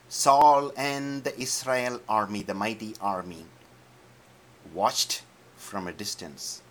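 A man's voice: on the low side, steady tone, slow pace. A male preacher retelling a scripture story dramatically, with modern asides. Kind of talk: sermon storytelling.

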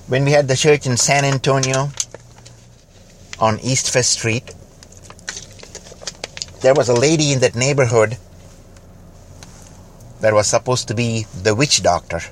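A man preaching a fervent sermon, building to loud exhortation and dropping to quiet, slowed lines. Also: medium pitch, slight background noise. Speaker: pastor.

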